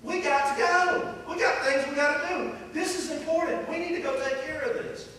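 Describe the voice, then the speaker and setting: A man's voice: extremely high pitch, steady tone, moderate pace, pushed and bright, slight background noise, voice pushed up. A man acting out a desperate father who pleads urgently in a raised voice. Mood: frantic. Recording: echoey hall from far off.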